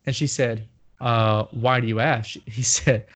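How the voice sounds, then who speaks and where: A man's voice: mid-range voice, steady tone, a little slow, a bit bright. A man chatting casually, joking around and acting out other people's voices. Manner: joking, acts out quoted voices. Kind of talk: casual chat.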